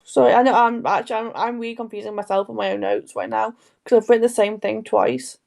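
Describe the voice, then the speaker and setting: A woman's voice: a little high, steady tone, fast, creaky, darkish tone. A young woman co-hosting a casual true crime podcast, rambling and breaking into her own story. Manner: rambling, self-interrupting storyteller. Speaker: podcast co-host.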